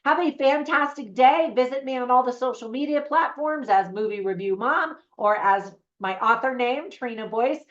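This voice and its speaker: A woman's voice: sits high, moderate pace, few pauses. Woman, movie reviewer, chatty and upbeat, talks straight to viewers, slightly muffled sound. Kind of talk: casual video review.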